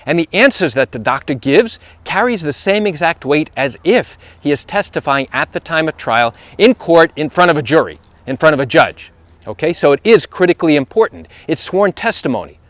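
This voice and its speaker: A man's voice: on the high side, sing-song, normal speed, fairly bright tone, no room sound. A man who is a lawyer, telling a story emphatically while walking outdoors through a neighborhood. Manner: emphatic, repetitive phrasing, rising intensity when retelling. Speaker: personal injury lawyer.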